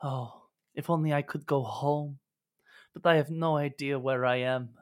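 A man's voice: mid-range voice, steady tone, measured pace, voice pushed up, lightly acted. A man voicing a lost and fretful woman from under the sea in a tabletop game, speaking in a lamenting, effusive way. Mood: wistful.

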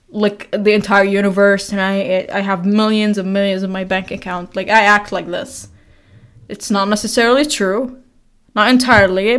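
A young woman in her twenties talks through a casual podcast episode. She rambles with plenty of fillers and laughs often. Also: medium pitch. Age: 20s. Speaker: podcast host. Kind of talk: casual chat.

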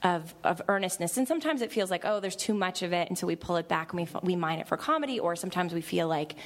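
A woman's voice: on the low side, expressive, fast talker. A woman in her thirties, a TV creator on a panel, talking in an emotional, chatty way with many restarts and fillers. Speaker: panel guest, TV show creator. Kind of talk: panel discussion.

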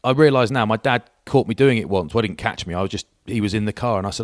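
A man in his forties chats on a podcast, rambling through self-mocking anecdotes. His voice sits a little low. The sound is dry and close to the mic. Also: fast talker, no room sound. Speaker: podcast co-host. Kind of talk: casual chat.

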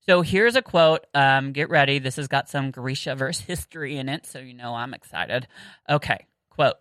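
A Southern American woman co-hosts a casual podcast about books, chatty and giggly, with plenty of fillers and restarts. Her voice is rumbling low and a bit bright at a normal speed, with no room sound but poor audio.

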